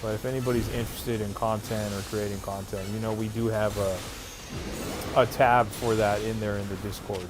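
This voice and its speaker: Over music, a livestream host with a fairly low, flat voice reads viewer chat aloud at normal speed. He answers loosely and casually, full of fillers and restarts.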